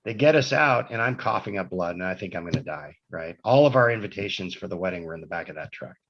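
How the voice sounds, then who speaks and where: Man telling a rambling story, low voice. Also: lively intonation, fast talker, a bit bright. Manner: rambling anecdotal storytelling with self-corrections. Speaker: podcast guest. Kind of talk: storytelling in casual conversation. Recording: dull lo-fi podcast audio.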